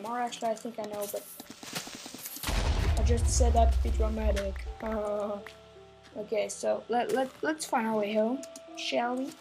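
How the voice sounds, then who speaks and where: A woman's voice: on the high side, a little mellow, rough recording. A woman giving let's play commentary, grumbling, swearing and talking to in-game animals. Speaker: gameplay channel host.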